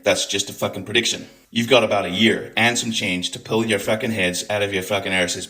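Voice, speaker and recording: A man's voice: on the low side, sharp tone. Angry male commentator, profane, venomous rant delivery. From United States. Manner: furious, profane, sarcastic. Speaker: political commentator.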